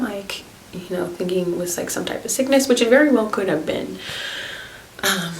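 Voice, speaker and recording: A woman's voice: on the low side, fairly bright tone. Chatty woman in a roomy space. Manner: chatty, filler-heavy, laughs often. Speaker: naturopathic podcast host. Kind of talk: casual storytelling monologue. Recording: roomy, with faint hiss.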